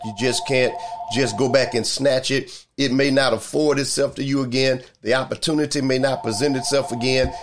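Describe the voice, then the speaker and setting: An older man preaching a sermon as pastor, repeating key lines with emphasis and slow, drawn-out pauses. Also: mid-range voice.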